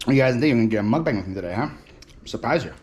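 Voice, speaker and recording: Chatty excitable man vlogging to camera. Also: medium pitch, racing, a little hiss or hum. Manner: chatty and excitable, thinking aloud. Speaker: reselling vlogger. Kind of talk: casual vlog to camera. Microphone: phone camera.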